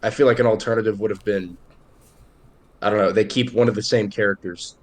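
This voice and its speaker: Low-voiced hesitant Kentucky man. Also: steady tone, a little fast. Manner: hesitant, thinking aloud with fillers. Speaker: podcast co-host. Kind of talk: casual chat.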